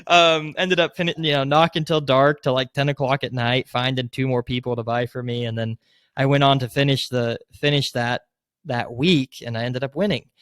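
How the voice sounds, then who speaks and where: A man's voice: mid-range voice, fairly even intonation, moderate pace, no echo, clean studio sound. A man guesting on a podcast, telling a sales story in a loose, rambling way full of fillers, acting out what people said to him. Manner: rambling, filler-heavy, leans on "like"; acts out quoted lines, gets loud in retelling. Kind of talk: casual interview storytelling.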